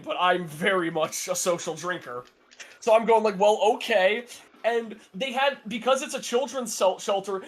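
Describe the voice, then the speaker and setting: A young man chatting casually on a podcast, telling a long story with many fillers and restarts, sarcastic and laughing often. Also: high voice. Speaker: podcast co-host. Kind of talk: casual chat.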